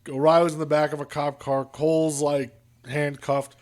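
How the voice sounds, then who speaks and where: A man co-hosting a podcast, recapping wrestling in casual chat, animated, swearing and laughing often. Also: fairly high pitch, normal speed. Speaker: podcast co-host.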